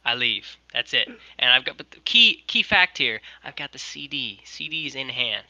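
A man's voice: medium pitch, normal speed, dry recording, dull audio. A young man, a guest on a video call, telling a long rambling story and acting out what people said. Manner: rambling, animated, quotes people. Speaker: guest, merch designer. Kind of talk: casual storytelling.

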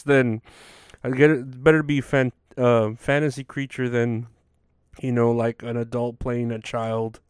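A man's voice: mid-range voice, a little mellow, smooth, no room sound, clean studio sound. A tired man hosting a casual solo podcast, rambling and swearing with lots of fillers and restarts. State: tired, yawning. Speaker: podcast host.

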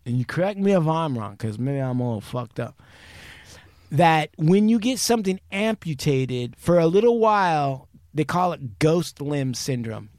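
A man's voice: fairly high pitch, sing-song, normal speed, a little mellow, dry recording, studio quality. A man co-hosting a casual podcast, joking, asking questions and acting out little scenes. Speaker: podcast co-host. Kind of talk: casual chat.

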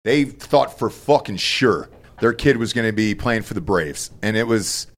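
A man's voice: on the low side, moderate pace. A man co-hosting a podcast who chats casually, agrees a lot, and tells a coaching story. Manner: agreeable, many short yeahs, relaxed storyteller. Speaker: podcast co-host. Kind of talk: casual banter.

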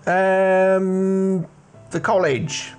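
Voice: mid-range voice, flat delivery, very slow, smooth, faint music behind, pitched above the performer's own voice. A performer voicing a nervous sixteen-year-old boy who stammers and hesitates while hiding.

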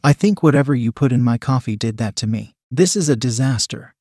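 A man's voice: medium pitch, lively intonation, a little fast, a little mellow, breathy edge, no echo. Sarcastic young woman, read by a male narrator, wry, complaining, dry sound.

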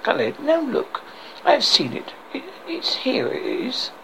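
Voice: sits high, very animated, unhurried, gravelly, a little hiss or hum, voice pushed up, exaggerated voice. A reader voicing an earnest young male knight who grows flustered and pleading, in an amateur film-script reading. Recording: dull lo-fi recording.

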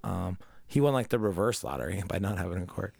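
A man's voice: low-pitched, lively intonation, fast, creaky, darkish tone. A man hosting a podcast in loose, profane casual chat, full of fillers. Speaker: podcast host.

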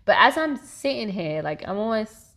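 A woman, a therapist talking openly as a podcast guest, animated and laughing often. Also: mid-range voice, moderate pace. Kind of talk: casual podcast interview.

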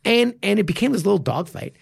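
A man's voice: high-pitched, vocal fry, husky, dry recording, clean studio sound. A man who coaches martial arts and co-hosts a podcast, talking casually and with animation, swearing freely. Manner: animated, swears freely, quick bursts of enthusiasm. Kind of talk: casual chat.

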